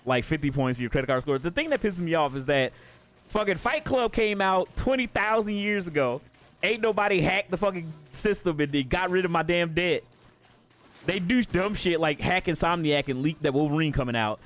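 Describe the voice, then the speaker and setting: A man's voice: on the high side, expressive, fairly quick, fairly bright tone. Profane, rambling streamer man with a raised voice. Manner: profane, rambling, laughs often. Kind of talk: casual live gameplay commentary.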